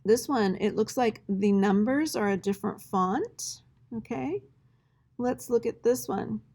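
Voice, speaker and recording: A woman's voice: fairly high pitch, measured pace, creaky, a little mellow. A woman teacher walking students through an assignment in a screen-recorded tutorial, talking conversationally and checking in often with "all right?".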